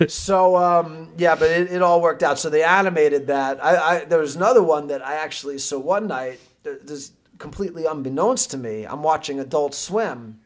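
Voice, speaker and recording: A man guest on an interview show, a sports agent, telling a story with lively energy and frequent laughs. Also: a little high, fairly quick, few pauses. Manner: lively, laughing, acts out other voices. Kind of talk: animated anecdote storytelling.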